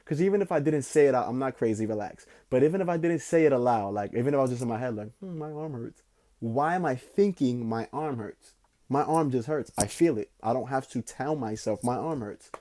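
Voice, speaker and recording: Mellow, slangy young man rambling. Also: mid-range voice. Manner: loose, slangy and profane, swings between slow musing and excited bursts. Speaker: podcast host. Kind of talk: casual rambling storytelling.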